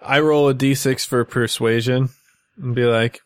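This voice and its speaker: A man playing a tabletop game, joking in a dry, deadpan way. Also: mid-range voice, unhurried, smooth. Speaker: player. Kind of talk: tabletop role-play chat.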